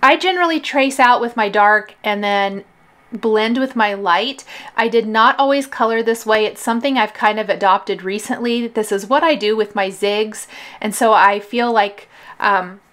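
A woman hosting a card-making tutorial, calmly explaining each coloring and gluing step in a relaxed, chatty way. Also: mid-range voice. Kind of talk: craft tutorial voice-over.

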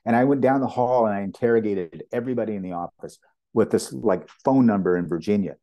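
Canadian guy, older, deep mellow voice, swaps stories and does the voices. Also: fast talker, highs cut off. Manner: animated storyteller, acts out quoted dialogue. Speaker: property master, guest. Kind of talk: anecdotal storytelling in an interview.

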